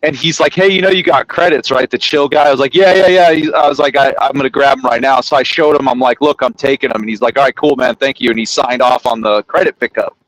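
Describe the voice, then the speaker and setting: A man's voice: medium pitch, fast, hardly any pauses, no echo, poor audio. A man chatting casually on a podcast, telling a work story and acting out the people in it, with plenty of swearing. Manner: animated storyteller, acts out quotes loudly, swears.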